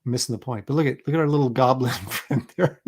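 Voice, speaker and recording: A man's voice: mid-range voice, quick pace, a little mellow, slightly rough. A middle-aged man hosting a casual livestream, rambling and chuckling as he reads viewer comments aloud. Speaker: livestream host.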